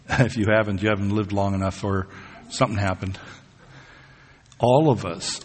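Husky preacher in a reverberant hall. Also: male voice, fairly low pitch. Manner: conversational, asks the congregation questions. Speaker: pastor. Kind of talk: sermon.

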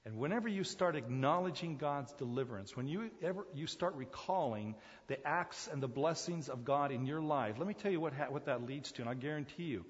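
Male pastor, slightly high voice, emphatic preaching with repeated phrases, muffled sound in a long-echo church hall. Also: lively intonation, brisk. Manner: dynamic preaching, swinging from loud emphatic calls to hushed asides; repeats phrases for emphasis, addresses listeners as folks. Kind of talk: sermon.

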